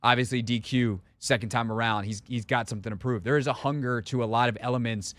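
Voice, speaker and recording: A man's voice: medium pitch, fairly even intonation, a bit bright, no echo. A man hosting a sports talk radio show, chatty and opinionated, often cutting in, speaking into a studio microphone. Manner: chatty, opinionated, quick to interject.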